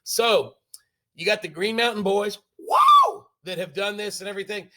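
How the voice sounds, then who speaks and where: Animated, jokey male teacher. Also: sits high, fairly quick. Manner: animated, jokey, makes sound effects. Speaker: history teacher. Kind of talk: classroom lecture storytelling.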